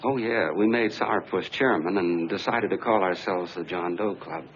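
An actor playing a chatty, earnest middle-aged soda-fountain clerk who tells a homespun story in a 1940s film. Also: male voice, sits low, moderate pace, close to an everyday voice. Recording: dull 1940s film soundtrack with faint hiss.

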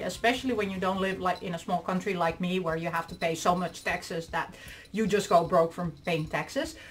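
A woman's voice: medium pitch, a bit bright. A woman vlogger unboxing and reviewing dolls in casual chat, gushing, squealing and giggling over every item.

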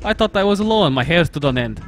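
Guy putting on a jumpy sarcastic russian dude, thick russian accent, a bit high. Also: expressive, quick pace, faint music behind, natural voice. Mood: jittery. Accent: put-on Russian. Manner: jittery, sarcastic, broken English. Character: nervous young Russian man alone at night. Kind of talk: reading a visual novel aloud.

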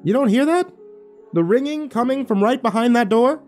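A man's voice: extremely high pitch, animated, normal speed, a little mellow, faint music behind, pitched above the performer's own voice. A man voicing a sly male shape-shifting demon posing as an ordinary man, asking mocking, incredulous questions.

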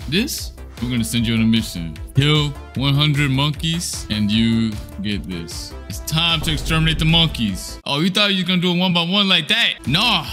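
Young male gaming creator, mid-pitched, playful and teasing, with light music underneath. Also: fairly bright tone. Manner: playful teasing banter with slang, frequent laughs. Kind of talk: casual gameplay commentary. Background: faint background music.

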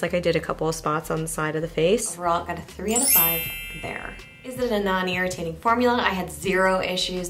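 A young woman talks candidly through a makeup review, chatting straight to her viewers in a casual vlog way. Her voice sits a little low for a woman, and faint music plays behind her. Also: a bit bright. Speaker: beauty reviewer.

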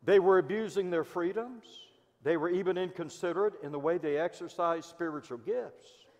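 A man with a Midwestern American accent, a pastor preaching a sermon in church and telling stories, swinging between loud emphasis and hushed asides. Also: high voice, moderate pace. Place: church sanctuary. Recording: long hall reverb.

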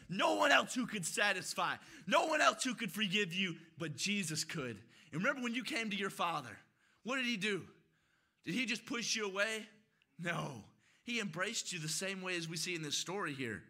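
High, bright-voiced shouting young preacher. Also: male voice. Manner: preaches loudly with emphatic shouted declarations. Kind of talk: sermon. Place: church sanctuary.

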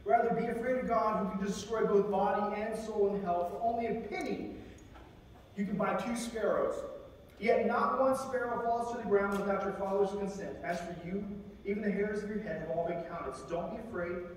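A male military chaplain with a high voice preaches a sermon conversationally, at a moderate pace with fairly even intonation, giving scripture quotes voices of their own. He's recorded from far across a large chapel, with long, ringing reverb and a faint hum.

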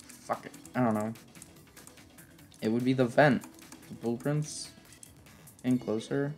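A woman commenting on a story game as she plays, reading its dialogue aloud and swearing and yelling in frustration. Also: a bass voice, fairly even intonation, unhurried, pauses often, faint music behind. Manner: swears freely and yells in frustration; reads the game's dialogue lines aloud. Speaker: gamer playing through a story game. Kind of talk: let's play commentary.

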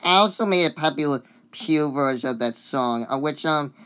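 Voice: mid-range voice, normal speed, a bit bright, clear, resonant tone. A sick, coughing video uploader chatting casually about a cartoon song, rambling and hesitant with many fillers and apologies.

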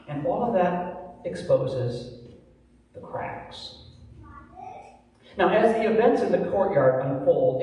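A man preaching a sermon as pastor, slow and emphatic with dramatic pauses, dropping to a hush for key words. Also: on the high side. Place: large church sanctuary. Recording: echoey church from far off.

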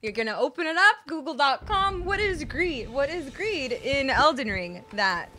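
A woman streaming a game live, talking to herself and her chat, jumpy and quick to yell or laugh. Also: high voice, sing-song. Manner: jumpy, swings between panicked yelling and laughing self-talk. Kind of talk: live gameplay commentary. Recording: game music behind the voice. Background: game music.

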